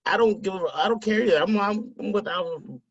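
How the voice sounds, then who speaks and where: A man's voice: sits high, a little fast, slightly rough, dry recording. Wisecracking man, dry muffled call audio. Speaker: podcast co-host. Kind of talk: casual chat.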